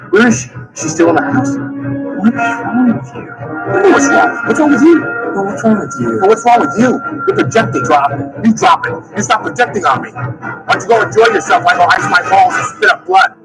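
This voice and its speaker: An actor playing a grown man bickering with his buddy in a comedy film clip, needling and rapid. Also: high voice, very animated, loud music behind the voice, poor audio.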